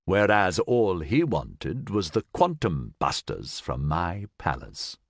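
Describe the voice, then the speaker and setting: A man voicing Captain Phileas, a grave aristocratic captain who speaks in a measured way. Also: sits low, big pitch swings, no room sound, clean studio sound, heavily acted.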